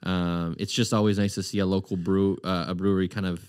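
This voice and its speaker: A man's voice: deep voice, little pitch movement, brisk, darkish tone, clean tone, no echo, clean studio sound. A man co-hosting a podcast, chatting casually with frequent hesitations and restarts. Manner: rambling, hesitant, many restarts. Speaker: podcast co-host. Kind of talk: casual chat.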